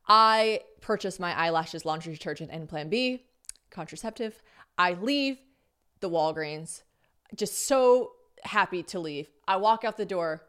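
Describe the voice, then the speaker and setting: A woman's voice: mid-range voice, animated, normal speed, a bit bright, smooth. A woman in her thirties hosting a podcast, telling a story casually and acting out her own thoughts in exaggerated voices. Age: 30s. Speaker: podcast host.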